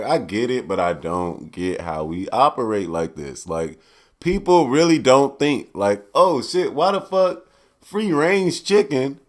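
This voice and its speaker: A man's voice: lowish voice, a little mellow. A man hosting a podcast in laid-back, joking chat, laughing often and swearing freely. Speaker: podcast host.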